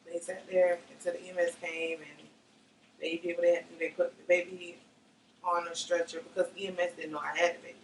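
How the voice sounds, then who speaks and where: A woman's voice: fairly low pitch, level tone, brisk. A young woman giving an emotional personal testimony, often acting out what others said. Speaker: interviewee. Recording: roomy, slightly distant mic with faint noise.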